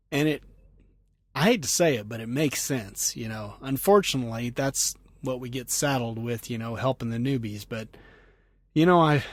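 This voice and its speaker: A man's voice: medium pitch, dry recording. A man hosting a trucking podcast, chatting casually through listener mail, laughing often and leaning on "you know" fillers. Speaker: podcast host and truck driver.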